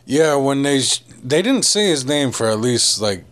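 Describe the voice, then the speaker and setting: A man from Akwesasne co-hosting a casual comedy podcast, talking in an animated, excitable way. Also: medium pitch, moderate pace. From Akwesasne, US–Canada border. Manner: animated, swings into excited reactions. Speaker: podcast co-host.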